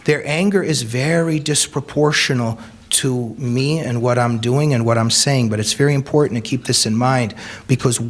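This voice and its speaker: A man, an author, giving an earnest, emphatic speech to a live audience, telling anecdotes. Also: medium pitch. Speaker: author and speaker.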